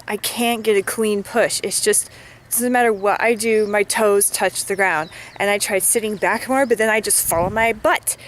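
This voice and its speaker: Woman vlogger, mid-pitched, chatty and rambling, a faint hum of noise behind. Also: fairly even intonation, moderate pace. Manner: chatty, filler-heavy, lots of "like"; frustrated, venting. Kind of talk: casual vlog chat.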